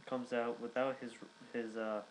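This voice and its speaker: A man's voice: mid-range voice, little pitch movement, measured pace, slight background noise, low-quality recording. A young man giving a casual recap, rambling with many fillers and restarts. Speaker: wrestling reviewer.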